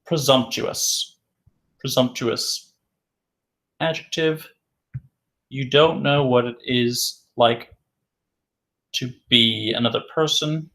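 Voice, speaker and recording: A man teaching an English vocabulary lesson, saying each word slowly and repeating it several times for learners. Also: mid-range voice, steady tone, pushed and bright.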